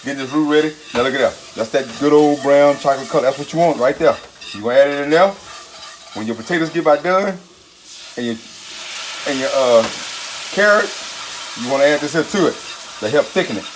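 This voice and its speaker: A man hosting a home cooking video, talking folksy and excitable, with catchphrases aimed at his viewers. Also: a little high, a little fast, pauses often, background noise. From Texas. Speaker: home cooking channel host. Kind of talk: casual cooking video talk. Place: home kitchen.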